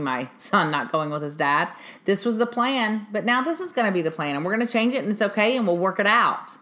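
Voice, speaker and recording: A woman with a somewhat low voice hosts a podcast in a relaxed, conversational way. She speaks earnestly and with emphasis, hammering home her advice by repeating it. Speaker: podcast host. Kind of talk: casual podcast talk giving parenting advice.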